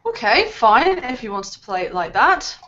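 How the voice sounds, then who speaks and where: A woman's voice: on the high side, sing-song, normal speed, a bit bright. A woman playing a tabletop game who talks casually and sometimes hesitates. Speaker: player. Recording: dull lo-fi recording.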